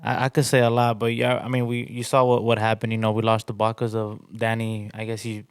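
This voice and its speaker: A man's voice: on the low side, monotone, a little fast, clear, resonant tone, no echo, studio quality. A man co-hosting a podcast in casual sports chat, blunt and exasperated, repeating his points. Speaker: podcast co-host.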